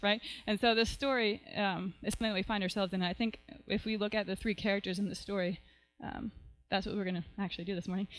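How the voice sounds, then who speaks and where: A woman's voice: mid-range voice, poor audio. A woman pastor preaching a sermon, retelling a story in a conversational way and often checking in with "right?".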